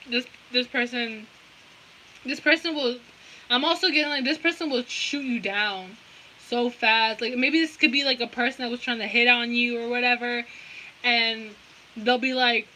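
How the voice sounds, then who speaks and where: Brief: young woman tarot reader, slightly high, very bright tone, slangy and profane, faint hiss. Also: low-quality recording. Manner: rambling, profane, slangy, frequent giggling fits. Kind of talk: casual tarot reading to camera.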